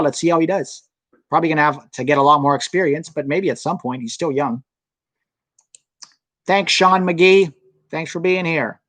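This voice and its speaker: A man's voice: a little high, fairly bright tone, no echo. A young American man hosting a soccer channel live stream, chatting casually and answering viewer comments. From United States.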